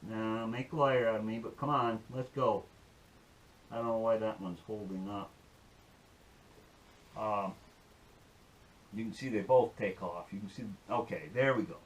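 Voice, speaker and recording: A man's voice: mid-range voice, measured pace, long pauses, fairly bright tone. Folksy, rambling man. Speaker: outdoor-skills YouTuber. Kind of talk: casual demonstration and joke-telling.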